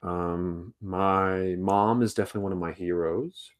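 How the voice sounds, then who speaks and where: A man answering questionnaire questions in a casual podcast chat, slow and hesitant with many ums, over a remote call. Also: sits low, fairly even intonation. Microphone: remote call with lag.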